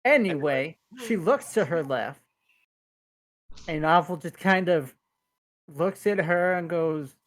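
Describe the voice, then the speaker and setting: A woman narrating a tabletop role-playing game as game master, chatty and relaxed, voicing the characters as she goes. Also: fairly low pitch, takes it slowly, long pauses. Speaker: dungeon master.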